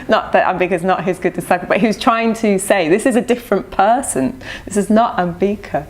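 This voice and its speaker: Middle-aged woman, low-pitched, devotee reminiscing with lively anecdotes. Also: normal speed, slight background noise. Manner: lively anecdotal recounting with frequent laughter. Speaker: devotee sharing memories of her teacher. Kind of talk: personal storytelling.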